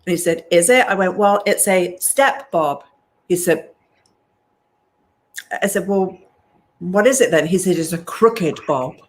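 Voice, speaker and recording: A British woman in her sixties, an animated storyteller who talks straight to her listeners in an interview. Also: fairly low pitch, unhurried, pauses often, poor audio. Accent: British English. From England. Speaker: guest hairdresser and educator.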